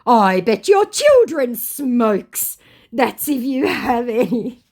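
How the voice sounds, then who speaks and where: A woman voicing a dim-witted, smug male online scammer with a slow, mocking drawl. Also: on the high side, very animated, darkish tone, voice pushed up, heavily acted.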